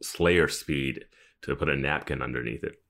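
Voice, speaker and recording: A man with a very low voice chats on a podcast about a TV episode, joking dryly. He laughs easily and mimics scenes with mock quotes. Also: moderate pace, creaky, a bit bright. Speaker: podcast co-host. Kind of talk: casual recap chat.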